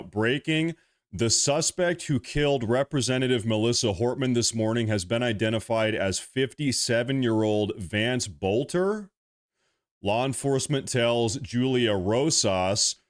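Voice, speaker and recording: A man hosting a live stream, reading super chats aloud and ranting in an agitated, repetitive way full of restarts. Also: medium pitch. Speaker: livestream host.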